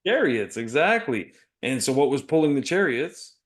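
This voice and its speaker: A man's voice: mid-range voice, very animated, normal speed. A man co-hosting a business podcast, talking casually, telling stories and laughing often. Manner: chatty, laughs often, storytelling. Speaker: podcast co-host.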